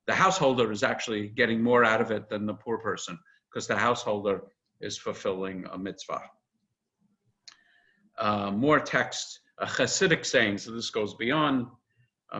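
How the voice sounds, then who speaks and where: An older man, a rabbi, giving a chatty, animated informal lecture, quoting texts with frequent "uh"s. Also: medium pitch. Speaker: rabbi teaching an intro class. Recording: dull lo-fi video-call audio.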